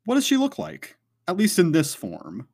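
A man narrating a tabletop game as game master, hesitant and full of fillers but animated. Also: high voice, moderate pace.

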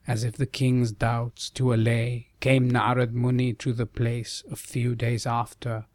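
A man narrating a verse ballad audiobook in a measured, rhythmic reading. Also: mid-range voice, flat delivery, a little mellow, no echo.

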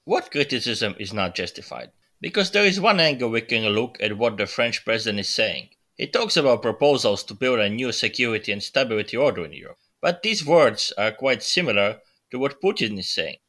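A man's voice: mid-range voice, big pitch swings, fairly quick, hardly any pauses, sharp tone. A male interviewer asking formal, probing questions. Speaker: interviewer, host.

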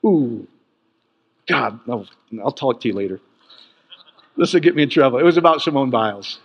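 A man preaching a sermon in an animated way, jumping from loud bursts to quiet asides. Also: moderate pace, vocal fry, long reverb tail, highs cut off. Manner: animated, swings from loud peaks to low asides.

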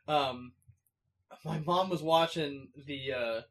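A man's voice: a little high, slow pace, a bit bright. A man chatting casually, rambling through stories with frequent laughter. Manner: rambling, laughs often, quotes cartoon lines. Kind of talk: casual podcast chat.

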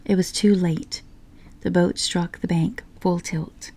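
A woman narrating a storybook in a soft, unhurried whisper. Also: on the low side, steady tone.

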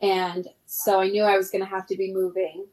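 A woman's voice: mid-range voice, flat delivery, moderate pace, a little mellow. A woman in her thirties, a podcast guest telling a story in casual chat, laughing often and using many fillers.

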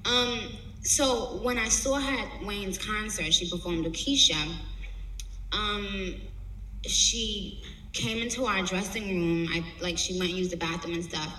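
A woman telling a story in an interview, animated and acting out what others said. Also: medium pitch, measured pace. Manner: animated, quoting others in character. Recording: roomy, distant, faint background noise.

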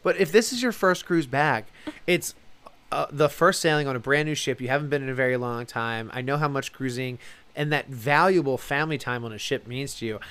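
A man's voice: medium pitch, a bit bright, clean tone. Joking travel planner guy co-hosting a chat, trips over his words, lots of asides. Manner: talks in quick restarts and asides, jokey. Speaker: travel planner and podcast co-host. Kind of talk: casual chat.

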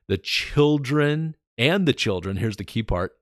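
A man giving informal Bible teaching on his podcast, chatting casually and slowing down to read scripture with emphasis. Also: fairly low pitch, lively intonation, no echo, clean studio sound. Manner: conversational, reads scripture slowly with emphasis.

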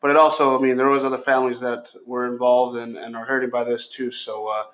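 Halting man in casual chat. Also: mid-range voice, level tone, a bit bright. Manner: halting, repeats words.

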